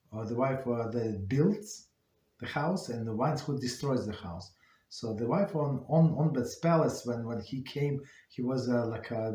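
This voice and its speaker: Halting rabbi in a roomy space. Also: male voice, medium pitch, mellow. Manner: halting, conversational storytelling with many restarts. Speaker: rabbi teaching a class. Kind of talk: informal Torah class talk. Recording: roomy echo.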